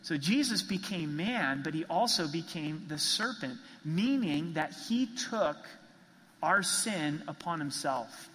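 With a long, church-hall reverb behind him, a pastor preaches slowly and animatedly. His bright, fairly high voice stays earnest and emphatic, and he keeps repeating his key phrases throughout the sermon.

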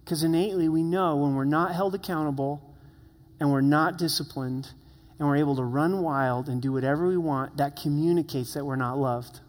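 Earnest preacher in a reverberant hall. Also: male voice, fairly high pitch, normal speed. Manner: earnest, conversational preaching with rhetorical questions. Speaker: pastor. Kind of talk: sermon.

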